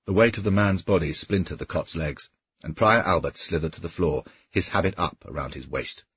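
A man narrating an audiobook in steady storytelling, with a husky voice. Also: deep voice, fairly quick, muffled recording. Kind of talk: scripted narration.

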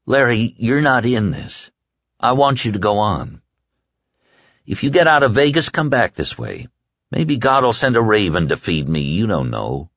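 A man voicing an injured man from East Texas, calm and firm in a plain-spoken drawl. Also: lowish voice, measured pace, no room sound, voice pushed up, exaggerated voice. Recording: dull lo-fi dry recording.

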